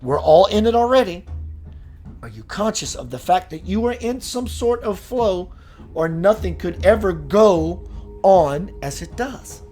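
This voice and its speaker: Man on the higher side, hosts a spiritual livestream, reads chat, then slows into sermon-like talk, faint music under him. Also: animated, mellow. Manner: reads viewer comments, switches into slow preachy delivery. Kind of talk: live-streamed spiritual talk.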